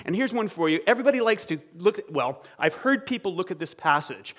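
A man with a high voice preaches a sermon at a fast clip, animated and conversational. He acts out quoted dialogue and checks in with the congregation as he goes.

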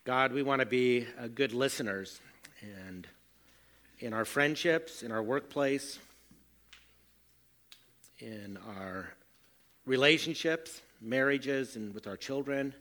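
A middle-aged pastor delivers a sermon in a bright, clear-edged voice. He is earnest and self-deprecating, slipping into family anecdotes to make his point. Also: medium pitch, slow pace, long pauses.

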